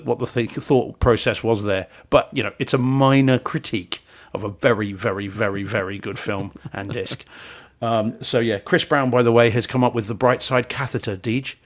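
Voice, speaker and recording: A man's voice: mid-range voice, fairly even intonation, normal speed. A man co-hosting a podcast, giving opinionated, jokey takes with frequent restarts. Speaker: podcast co-host. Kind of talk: casual podcast chat.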